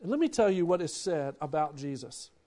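A man preaching a sermon, who swings between loud, animated bursts and hushed, quiet lines. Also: a little high, brisk. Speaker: pastor.

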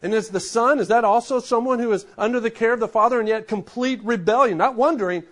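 A man in his forties, a pastor preaching a sermon in a conversational way, dropping to a hush for emphasis. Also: extremely high pitch, quick pace.

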